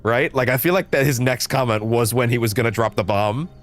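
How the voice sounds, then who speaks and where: A man rants to his stream chat in a lively, profane way, his voice jumping up and down as he gets worked up. He talks at an average pitch over faint game music in the background. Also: brisk. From Canada. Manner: animated, profane ranting with shifting pitch. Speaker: livestreamer. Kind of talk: casual livestream chat.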